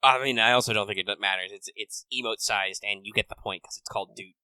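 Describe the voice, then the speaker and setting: Bright, clear-voiced man chatting. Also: lowish voice, fast, no echo, rough recording. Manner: relaxed, filler-heavy gamer talk. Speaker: podcast co-host. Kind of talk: casual chat.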